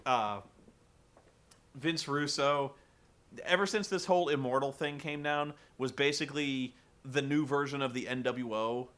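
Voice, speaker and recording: A man casually recapping a wrestling show, animated and joking, swearing freely. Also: on the high side. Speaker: podcast host recapping wrestling. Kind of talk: casual chat.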